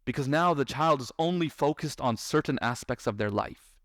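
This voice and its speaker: Lively male lecturer, dry close sound. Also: medium pitch, moderate pace, no echo. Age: adult parent. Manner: lively, asks the audience questions and acts out parents and children. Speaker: Islamic speaker. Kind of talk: lecture to a live audience.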